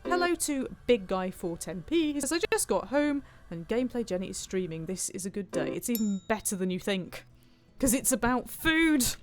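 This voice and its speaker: A woman's voice: medium pitch, big pitch swings, moderate pace, hardly any pauses, faint music behind. A woman streaming a cooking game, chatting playfully and reading viewer comments aloud. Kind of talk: casual gameplay commentary.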